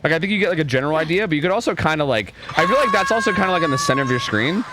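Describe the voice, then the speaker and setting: A young man streams a game in a slightly high, animated voice, talking very fast over clear background noise. His casual live gameplay commentary rambles with lots of filler words, and he swears when frustrated.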